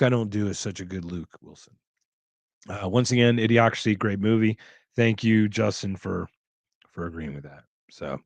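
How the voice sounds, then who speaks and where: A man's voice: on the low side, dry recording. A man hosting a casual podcast livestream, reading chat questions aloud and rambling with jokes and restarts. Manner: rambling, joking, with restarts and movie impressions. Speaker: podcast host.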